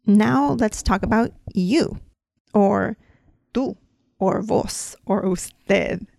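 A woman's voice: mid-range voice, drawn-out words, gravelly, warm tone, dry recording, studio quality. A woman from a Mexican family raised in the United States, explaining dental Spanish patiently with examples, using many "um"s and "like"s. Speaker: dental hygienist teaching dental Spanish. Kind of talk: casual podcast lesson.

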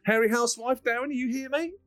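A man's voice: very high-pitched, fairly even intonation, fast, fairly bright tone, dry recording, soft background music, low-quality recording. A man hosting a podcast in an upbeat, jokey, rambling way. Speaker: podcast host. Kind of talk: casual podcast chat.

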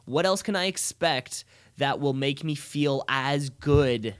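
A man's voice: fairly high pitch, slow, smooth, no echo. A man co-hosting a podcast, telling stories in a casual chat, stammering and restarting and laughing often as he gets worked up. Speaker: podcast co-host.

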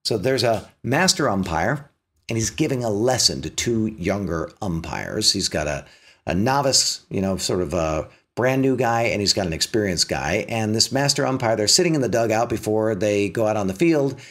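A man giving a spiritual self-help talk, telling a story and acting out its characters, with pitch that climbs when he is emphatic and drops low and soft for the point. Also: expressive, normal speed. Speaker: motivational speaker.

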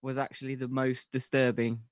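A man's voice: medium pitch, flat delivery, normal speed, no room sound. A man co-hosting a casual podcast, joking and trading playful banter. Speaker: podcast co-host. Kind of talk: casual chat.

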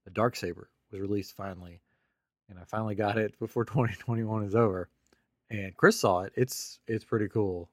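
Playful, lower-pitched podcast co-host man. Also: fairly even intonation, brisk, no echo, clean studio sound. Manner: playful, enthusiastic storyteller. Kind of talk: casual chat.

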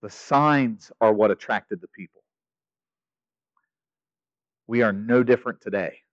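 A male pastor preaching a sermon, animated, swinging from loud stretches to hushed ones. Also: lowish voice, unhurried, no room sound, highs cut off.

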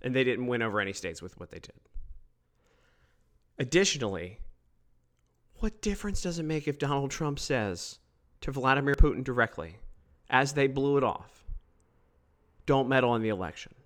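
A man giving opinionated solo political commentary, emphatic and quick to mock others. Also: medium pitch. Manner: emphatic, animated, mocking quoted voices.

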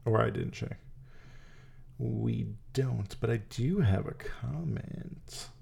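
Relaxed male co-host, gravelly tone, chatty and loose on a faith podcast. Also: mid-range voice, slow pace. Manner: relaxed, chatty, filler-heavy. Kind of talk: casual faith chat.

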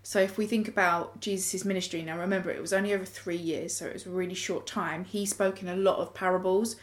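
A woman's voice: lowish voice, steady tone, fast. A woman in a casual group discussion, explaining her ideas in a reflective way.

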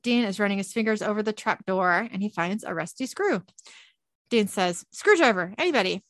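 A woman's voice: mid-range voice, normal speed, no echo. A woman host animatedly recapping a TV episode in casual narration, laughing often.

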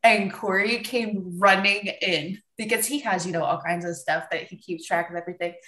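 A woman hosting a podcast, telling lively stories and swearing freely. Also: medium pitch, normal speed. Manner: animated storyteller, swears freely. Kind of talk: casual podcast chat. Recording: roomy echo.

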